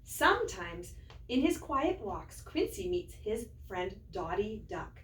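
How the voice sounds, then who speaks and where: A woman teacher reading a picture book aloud to young children in a slow, sing-song storytelling way, then showing how to write a letter. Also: mid-range voice, sing-song, slight background noise. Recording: roomy, mic at a distance.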